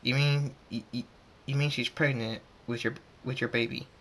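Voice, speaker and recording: A man's voice: medium pitch, fairly even intonation, moderate pace, fairly bright tone, close to an everyday voice. A man voicing a brash, hot-tempered adult pegasus mare in a fan storybook reading, often stammering and emotional. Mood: anxious.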